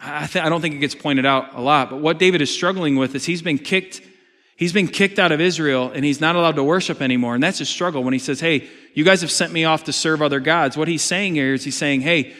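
A man's voice: fairly high pitch, fast, fairly bright tone. A man preaching a sermon, reading scripture aloud and retelling the story with dramatic emphasis. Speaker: pastor. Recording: long reverb of a large hall.

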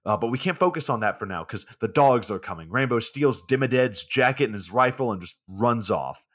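This podcast host walks through a film's story laid-back and dry, cursing plenty along the way. He speaks briskly in a medium, slightly bright voice with lots of expression.

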